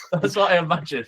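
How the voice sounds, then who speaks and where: A tired young man co-hosting a casual podcast, rambling with lots of "like" and acted-out quotes. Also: high voice. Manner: rambling, animated, full of fillers and acted-out quotes. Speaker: podcast co-host, posing coach.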